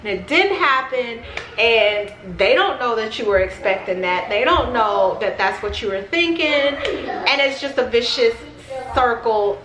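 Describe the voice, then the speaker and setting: A woman's voice: fairly high pitch, expressive, unhurried, noisy background. A woman vlogger giving casual advice straight to the camera, talking conversationally and repeating phrases for emphasis. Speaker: parenting vlogger. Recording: roomy echo.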